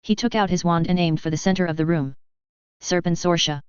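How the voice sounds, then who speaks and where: A woman reads a story aloud with a very clear, smooth voice pitched a little low. She keeps a steady, even storytelling pace. The recording sounds dry and slightly dull. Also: a little fast, no room sound. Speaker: narrator. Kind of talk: audiobook reading of fan fiction.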